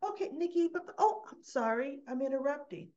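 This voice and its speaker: An ambitious young woman who comes across as apologetic and earnest, as a woman puts her on during a recap. Her lines sit higher than the telling around them. The sound is somewhat muffled. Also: measured pace, dark tone, lightly acted.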